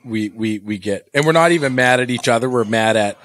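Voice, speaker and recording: A man's voice: mid-range voice, a little fast, fairly bright tone. A man co-hosting a podcast, chatting casually in a laid-back, jokey way. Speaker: podcast co-host.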